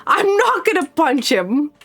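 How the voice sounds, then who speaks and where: High excitable woman streamer. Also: measured pace. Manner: excitable, gasping and exclaiming. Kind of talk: live game commentary.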